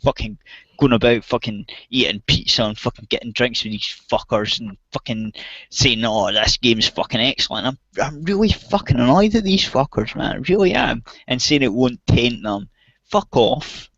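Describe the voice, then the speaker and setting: A man's voice: mid-range voice, animated, normal speed, fairly bright tone, no room sound. A man from outside the US, ranting angrily and swearing heavily in a casual chat. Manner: angry, heavy swearing, ranting. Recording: dull, dry voice-chat audio.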